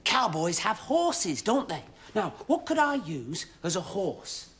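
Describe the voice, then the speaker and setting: A man voicing a swaggering, folksy cowboy in a children's show, with a slow drawl. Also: high-pitched, sing-song, a bit bright, exaggerated voice. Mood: jaunty.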